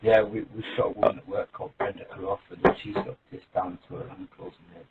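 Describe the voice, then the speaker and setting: A man's voice: on the low side, steady tone, brisk. A man from England chiming in on a live internet radio show with short, dry replies. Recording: tinny call line with noise.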